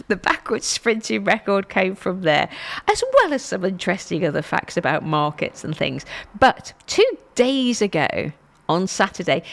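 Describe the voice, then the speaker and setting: A woman's voice: on the low side, creaky. A middle-aged woman hosting a show alone, talking in a rambling, self-mocking way with frequent restarts. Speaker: podcast host. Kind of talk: chatty solo monologue.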